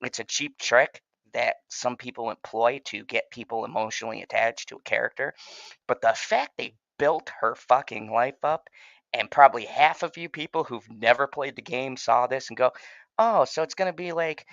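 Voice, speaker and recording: Man, casual show review, gravelly edge, bright forceful tone, swears a lot, emphatic. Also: mid-range voice, normal speed, dry recording, dull audio. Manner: profane and emphatic, passionate. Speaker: TV show reviewer and channel host.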